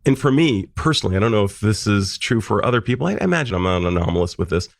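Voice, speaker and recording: A man's voice: fairly low pitch, lively intonation, fast talker, gravelly, no room sound, clean studio sound. A middle-aged man hosting an interview podcast, speaking in a reflective way with personal asides. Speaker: podcast host. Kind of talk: casual interview talk.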